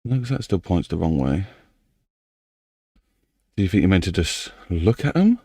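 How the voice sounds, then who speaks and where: A man's voice: low-pitched, very animated, normal speed, dark tone, no room sound, clean studio sound. A man, slightly out of breath, thinking aloud to himself as he builds a game map. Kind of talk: casual commentary while building a game map.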